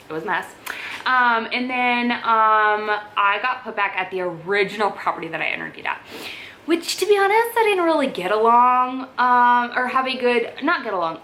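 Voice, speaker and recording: A woman's voice: medium pitch, slight background noise, low-quality recording. A young woman vlogger telling a work story in casual chat, exasperated and full of "like"s. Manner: animated, exasperated storytelling with many "like"s.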